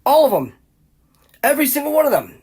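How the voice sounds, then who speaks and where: A very high, gravelly yet slightly mellow voice swings wildly in pitch and moves fast. He's a podcast host on a furious, cursing, rambling rant, restarting again and again and repeating exclamations that escalate.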